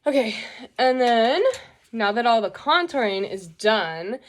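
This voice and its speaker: A woman's voice: a little high, lively intonation, slow pace. A young woman hosting a casual makeup tutorial, chatty and joking as she explains each step.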